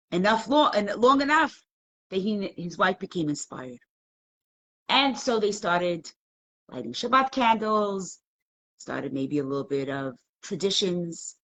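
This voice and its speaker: A woman teaching a live class, telling a story in an animated, conversational way and acting out the quotes. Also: fairly low pitch.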